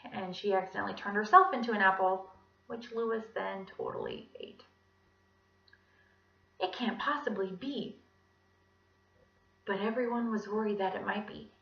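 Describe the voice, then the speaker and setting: Animated young woman telling a children's story. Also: medium pitch, creaky. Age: young adult. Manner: animated, voices many characters. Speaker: student storyteller. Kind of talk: storytelling performance of a children's book. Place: classroom. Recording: distant mic, roomy, dull sound.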